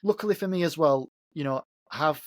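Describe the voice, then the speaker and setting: A man's voice: a little high, a little fast, no room sound, clean studio sound. A man co-hosting a podcast in casual chat, reflecting on travel and asking his partner follow-up questions. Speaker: podcast co-host.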